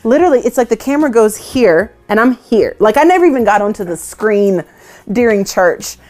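A woman with a fairly high, expressive voice and a darkish tone talks briskly. She's a worship leader recounting self-deprecating stories in a relaxed interview, often breaking into laughter.

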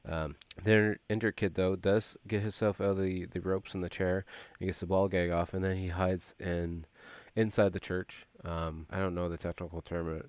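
A man's voice: low voice, flat delivery, moderate pace, few pauses, a little mellow, clean tone, dry recording. A man casually recapping a movie plot, rambling with frequent filler words and restarts.

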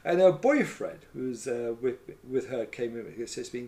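In a relaxed conversation, a middle-aged man who used to cut hair tells meandering stories about that work, leaning on "right?" and "you know what I mean?" again and again. He speaks at a moderate pace in an animated, mid-range voice with a darkish tone.

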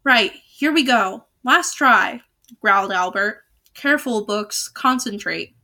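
A woman's voice: a little high, lively intonation, takes it slowly, pushed and bright, heavily acted. A woman doing a grumpy young wizard. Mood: frustrated. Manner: gloomy, growling complaints.

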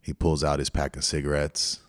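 A man's voice: a bass voice, monotone, moderate pace, no room sound, studio quality. A middle-aged man hosting a podcast, telling a personal story in a candid, reflective way. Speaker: podcast host. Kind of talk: storytelling monologue.

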